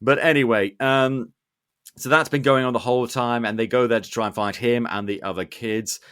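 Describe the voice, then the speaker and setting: A man's voice: medium pitch, normal speed, clean tone. Man hosting a casual film-review podcast. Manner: animated, sarcastic asides. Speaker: podcast host.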